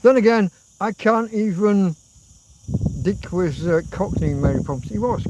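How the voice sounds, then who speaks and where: An English man in his fifties runs a loose livestream chat, drifting from memory to memory, swearing casually and humming old tunes. His voice is a little high, expressive, and a touch slow, with a faint hiss beneath it.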